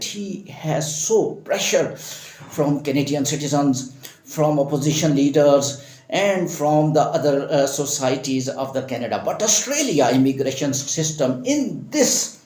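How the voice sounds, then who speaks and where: Male news commentator, fairly high voice, emphatic, repeats for stress, echoey room. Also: expressive, a little slow, darkish tone.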